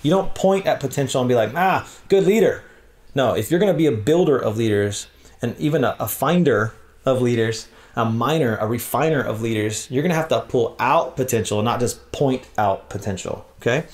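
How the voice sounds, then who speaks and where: A man giving a lively conference talk on church leadership in a sermon-like style, acting out scripture quotes in changing voices. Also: medium pitch, brisk. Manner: animated, acts out scripture voices.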